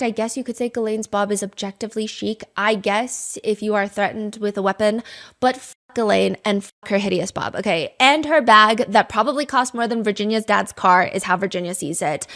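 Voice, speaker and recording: Gravelly true crime podcast woman. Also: medium pitch, normal speed, a bit bright. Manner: candid, reads quotes aloud and adds blunt asides. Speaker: podcast host.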